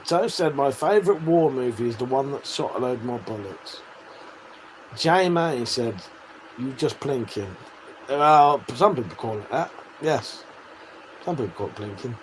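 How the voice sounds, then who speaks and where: A man's voice: mid-range voice, expressive, measured pace, slight background noise, rough recording. A man hosting a casual livestream, reading out viewer messages and chatting back in a sweary, matey way with frequent laughs. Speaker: livestream host.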